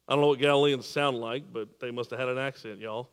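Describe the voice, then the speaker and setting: A man preaching a sermon, repeating and restarting words, swinging between emphatic peaks and quiet drops. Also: mid-range voice, fairly even intonation, fast, clean tone, big-room sound. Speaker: pastor.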